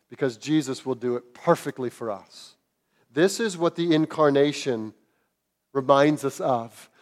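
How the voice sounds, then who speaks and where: A man preaching a sermon to his congregation, earnest, rising to loud emphatic peaks and dropping to hushed, tender lines. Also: a little high. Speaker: pastor. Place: church sanctuary.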